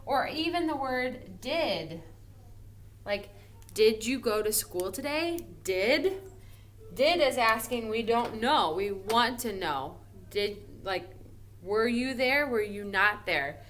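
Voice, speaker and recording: A woman teacher giving a recorded grammar lesson to first graders, slow and encouraging, drawing out her example sentences expressively. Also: on the high side, expressive, fairly bright tone, slight background noise. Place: home or classroom at a smartboard.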